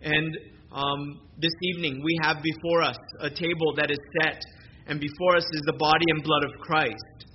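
A man preaching a sermon at a church service, reading scripture in a measured way and slowing down for emphasis. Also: fairly high pitch, flat delivery. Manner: measured preaching, slows for emphasis, occasional fillers. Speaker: pastor. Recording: dull lo-fi recording with noise.

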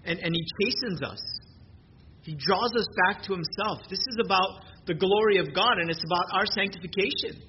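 A man's voice: high voice, normal speed. A man preaching a sermon in an earnest way, often repeating words as he restarts his sentences. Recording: muffled lo-fi sermon recording with background noise.

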